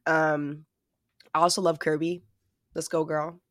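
A podcast co-host in casual chat who talks in an animated, profane, joking way. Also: mid-range voice, measured pace, no echo, clean studio sound. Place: lives in New York City.

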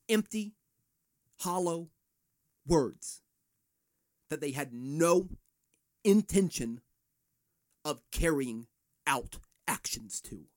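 A man's voice: fairly high pitch, lively intonation, slow pace, long pauses. A man hosting a solo podcast, ranting in a fired-up, profane way. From United States. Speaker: podcast host.

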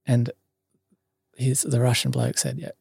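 A man's voice: mid-range voice, unhurried, darkish tone, dry recording, studio quality. An Australian man telling a long story in casual chat, full of ums, likes and swearing. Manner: rambling, many ums and likes, swears freely. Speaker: podcast guest.

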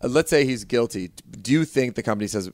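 A man's voice: mid-range voice, expressive, fast, a little mellow, no room sound. A man co-hosting a podcast in casual chat, hesitant with many uhs. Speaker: podcast co-host.

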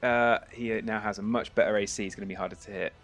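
A man's voice: lowish voice, steady tone, quick pace, a bit bright, faint music behind. A man running a tabletop game as game master, narrating casually with frequent hesitations.

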